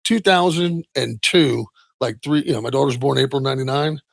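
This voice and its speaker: A middle-aged man, a retired football player, tells his story candidly in an interview, halting often and trailing off into soft asides. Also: mid-range voice, creaky, no echo.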